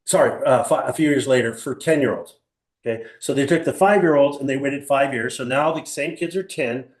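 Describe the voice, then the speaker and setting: An older man leads a live motivational seminar for a small-room audience, speaking briskly in a mid-range voice with a roomy sound. He's an animated storyteller who throws out rhetorical questions, quizzes the crowd, and acts out other people.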